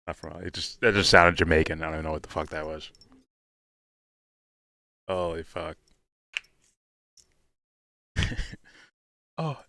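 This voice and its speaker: A man's voice: sits low, fairly even intonation, slow, long pauses, sharp tone, no echo, clean studio sound. A man hosting a live reaction stream in loose, casual talk, swearing freely and laughing often.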